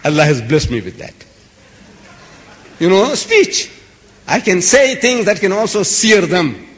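Animated man lecturing in an echoey hall. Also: high-pitched, measured pace. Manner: emphatic, repetitive, building lists. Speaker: public speaker. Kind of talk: impassioned lecture to a live audience.

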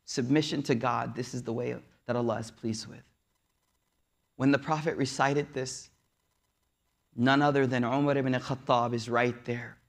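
A man preaching a story sermon in a casual, slangy way, moving between hushed, soft passages and excited bursts. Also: medium pitch. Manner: casual slangy preaching, recites Arabic verses quickly.

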